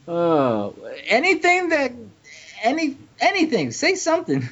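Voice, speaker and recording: A man's voice: very high-pitched, huge pitch swings, unhurried, fairly bright tone. A man hosting a casual comedy podcast, laughing often and stammering as he talks. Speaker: podcast host. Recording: dull lo-fi podcast audio.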